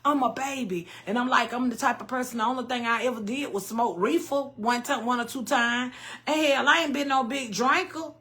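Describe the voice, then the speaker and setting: Bright-voiced woman in her fifties, candid storyteller. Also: on the high side, fairly quick. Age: 50s. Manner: candid, emotional storytelling with Southern Black vernacular. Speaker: cooking vlogger. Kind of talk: casual chat to viewers.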